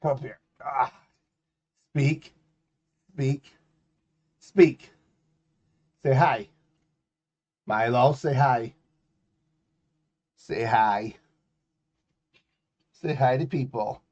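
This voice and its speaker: Young guy streamer, talks slow, cooing at his dog then getting loud and worked up. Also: mid-range voice, dull audio. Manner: coaxing baby talk to his dog, then loud indignant outbursts. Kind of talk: casual livestream chat.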